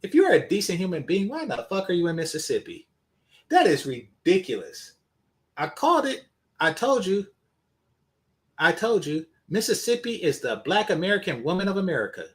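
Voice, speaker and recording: Male reaction host, high lively voice, blunt and cursing. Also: moderate pace. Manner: blunt, profane and scornful. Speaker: commentary channel host. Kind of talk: reaction commentary.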